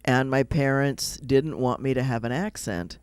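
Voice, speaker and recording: A man's voice: medium pitch, a little slow, clear, resonant tone, dry recording. A man with a Midwestern American accent, chatting casually on a radio show and rambling through personal stories. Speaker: rabbi, radio guest.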